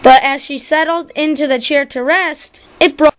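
A woman's voice: sits high, steady tone, moderate pace. A young female narrator reading a children's fairy tale aloud in a sing-song way, with a few small slips.

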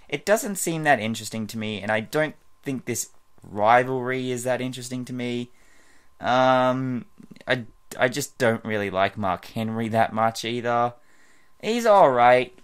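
A man talks to camera in a casual predictions vlog at an ordinary middle pitch. He rambles from point to point, trailing off and restarting with plenty of fillers along the way. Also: fairly bright tone, clean tone. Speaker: wrestling fan vlogger.

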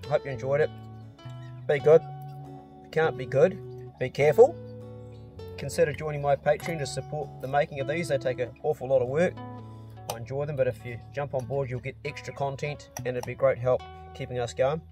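A middle-aged man with a New Zealand accent, hosting a casual vlog and chatting excitedly with plenty of mild swearing. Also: medium pitch, brisk, pauses often, soft background music. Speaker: channel host.

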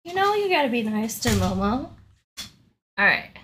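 High, bright, giggly woman streamer. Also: very animated, moderate pace, slight background noise. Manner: giggly, laughs often between words. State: out of breath. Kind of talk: casual livestream chat.

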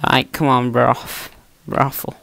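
A man's voice: medium pitch, flat delivery, slow pace, vocal fry, a bit bright, no echo. A young man talking to himself in a chatty, teasing way while commentating his own gameplay on a close mic. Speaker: gaming YouTuber.

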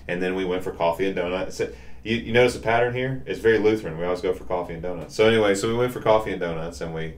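A Southern man in his forties with a very deep voice tells stories with a relaxed, drawling warmth. He is a pastor chatting on a podcast, animated and easygoing, with a strong low register. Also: very fast. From Southern US, Nashville. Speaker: pastor, co-host. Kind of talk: casual chat, storytelling.

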